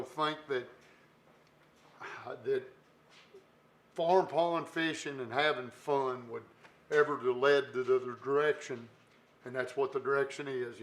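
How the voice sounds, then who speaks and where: A man hosting a fishing show's live stream, chatting in a folksy, rambling way with lots of fillers and restarts. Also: medium pitch. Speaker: host. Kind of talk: live-stream chat reading viewer comments.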